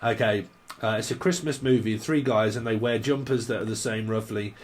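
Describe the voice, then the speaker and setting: A man's voice: on the low side, normal speed, slight background noise. A man giving a casual tarot reading, rambling and jokey, with frequent laughter. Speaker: tarot reader.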